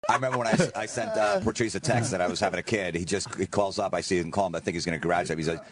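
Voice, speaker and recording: A male comedian casually telling a story to friends, with a brisk, deadpan delivery. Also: deep voice, over a noisy crowd.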